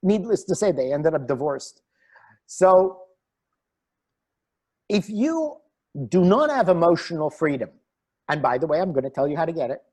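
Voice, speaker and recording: Man, relationship coach, online talk, husky, animated, expressive rise and fall. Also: on the high side, moderate pace, pauses often. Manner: animated, laughs between points, acts out quoted lines.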